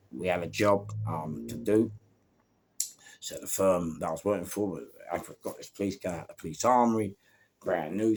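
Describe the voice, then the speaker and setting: An older man with a London accent telling crime stories in a casual, animated monologue, swearing freely and acting out the voices of people in his story. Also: fairly low pitch, creaky.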